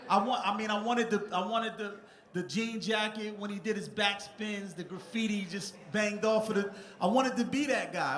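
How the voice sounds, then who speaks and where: A middle-aged man from Newark, New Jersey, USA gives a heartfelt, rambling acceptance speech on a theatre stage, restarting often. His voice is high-pitched and a bit bright, and the sound echoes through the theatre.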